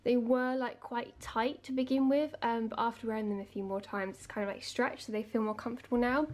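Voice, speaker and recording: A woman's voice: fairly high pitch, fairly even intonation, a little fast, a little mellow. Chatty giggly woman vlogging. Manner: chatty, giggly, lots of fillers. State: a little out of breath. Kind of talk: casual vlog chat. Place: home, indoors.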